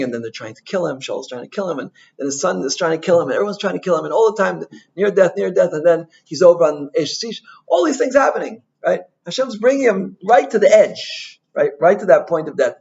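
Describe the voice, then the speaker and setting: A male rabbi giving an informal Torah talk, an animated storyteller who mixes in Hebrew and Yiddish terms and keeps asking "right?". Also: on the high side, a little fast, gravelly, muffled recording.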